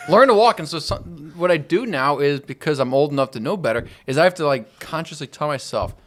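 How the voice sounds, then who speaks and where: A slightly higher-voiced man co-hosts a podcast and talks about his own clumsy habits. He pokes fun at himself in an animated way. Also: fairly quick. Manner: self-mocking, animated storyteller. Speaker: podcast co-host. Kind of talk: casual chat.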